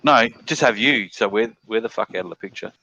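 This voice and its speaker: A man's voice: on the low side, brisk. An Australian man hosting a live panel stream, chatting casually with lots of swearing and jokes. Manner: swearing, animated, jokey. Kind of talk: casual chat. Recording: dull lo-fi stream audio with faint noise.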